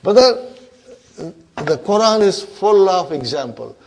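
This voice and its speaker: Higher-voiced man teaching arabic grammar, unhurried, native urdu speaker, keeps asking the class if they follow. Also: sing-song, gravelly, slight background noise. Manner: interactive, constantly checks in with the class. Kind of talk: classroom lecture.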